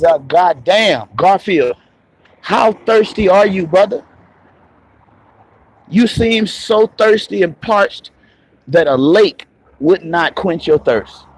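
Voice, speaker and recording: A man's voice: fairly high pitch, no echo. A man hosting a livestream, ranting combatively and mocking commenters with profanity. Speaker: livestream host. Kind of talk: heated livestream rant to chat.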